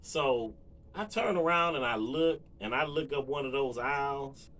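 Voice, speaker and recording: Laid-back dude w/ rambling a story to the cam, um's and you-knows everywhere, bright voice. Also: male voice, mid-range voice, a little slow. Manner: relaxed, rambling, lots of fillers and asides to viewers. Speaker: vlogger. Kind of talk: casual storytelling to camera.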